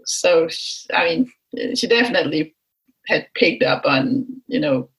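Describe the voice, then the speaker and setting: A woman who is a mother, a guest on a podcast interview, speaking reflectively with frequent pauses and restarts. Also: deep voice, expressive, rough recording. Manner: reflective, halting, with many restarts. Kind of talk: conversational interview.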